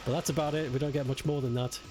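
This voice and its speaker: A young British man streaming a game, chatting with viewers, joking and swearing casually. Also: mid-range voice. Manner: chatty, swearing, laughing with chat. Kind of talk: casual gameplay commentary. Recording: game music behind. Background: game music.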